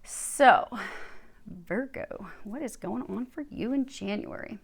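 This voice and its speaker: A woman with a slightly high, slow, creaky and husky voice gives a chatty tarot reading, sounding congested from a cold. She talks to viewers in a casual, reassuring way as she lays out the cards.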